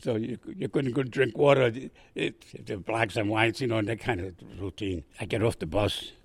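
Gravelly older man telling war stories. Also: lowish voice, normal speed, dry recording. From Puerto Rico. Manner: animated, chuckling, acts out others' lines. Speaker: war veteran guest. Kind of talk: casual storytelling.

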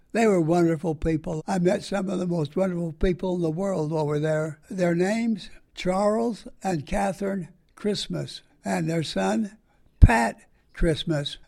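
A man's voice: high voice, vocal fry, darkish tone. An older man from the United States, a war veteran, tells rambling, folksy stories in an oral history interview.

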